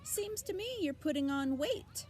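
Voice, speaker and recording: A woman's voice: very high-pitched, big pitch swings, a little slow, darkish tone, slight background noise, voice pushed up, heavily acted. A woman voicing a blunt, gossipy old female sheep who delivers grim news matter-of-factly. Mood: chatty. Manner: blunt, matter-of-fact, tart.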